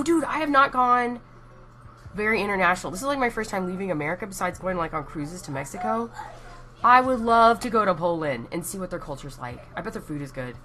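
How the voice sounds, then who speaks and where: A woman's voice: fairly low pitch, a bit bright. A young Texan woman chatting casually and rambling on a live stream, laughing at herself as she goes. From Texas.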